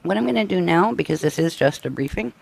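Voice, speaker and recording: A man presenting a live-stream workshop briefing, tired and coughing, with his voice giving out and frequent halting restarts. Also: sits high, animated, gravelly. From United States. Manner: tired, up all night.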